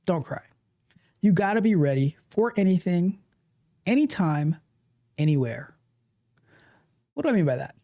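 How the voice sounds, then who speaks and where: Lively, emphatic woman giving a pep talk. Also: deep voice. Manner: emphatic, repetitive, acts out quoted reactions. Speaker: coach. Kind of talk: motivational talk.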